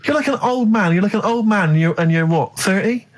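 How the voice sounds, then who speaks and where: A man's voice: sits high, a little fast. A man co-hosting a radio show, wry and mock-exasperated as he ribs his friend. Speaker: radio co-host. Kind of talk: casual radio chat. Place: radio studio.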